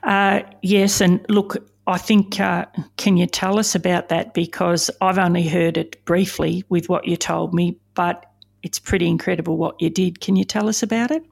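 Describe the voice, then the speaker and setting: Gravelly, husky podcast interviewer. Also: mid-range voice, flat delivery, normal speed. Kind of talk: casual interview.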